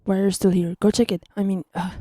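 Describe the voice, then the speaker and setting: A woman's voice: mid-range voice, level tone, quick pace, warm tone, no echo, studio quality. A young woman teaching music theory in a casual online tutorial, chatty and teasing, often correcting herself mid-sentence.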